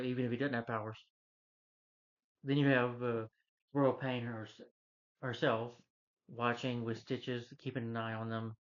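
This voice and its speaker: Male film reviewer, casual and rambling, mid-pitched voice on a slightly muffled recording. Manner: rambling plot retelling with many fillers and restarts.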